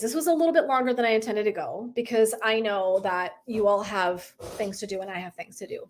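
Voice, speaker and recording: A middle-aged woman wellness coach talking candidly in a casual live stream, swearing and laughing as she acts out her own thoughts. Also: mid-range voice.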